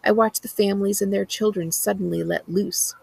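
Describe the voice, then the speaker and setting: A woman's voice: mid-range voice, steady tone, brisk, gravelly, a little mellow, slightly rough, dry recording, rough recording. A woman librarian reading a book's opening aloud, then recommending it earnestly with a few fillers. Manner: earnest, enthusiastic book talk with some fillers. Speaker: school librarian.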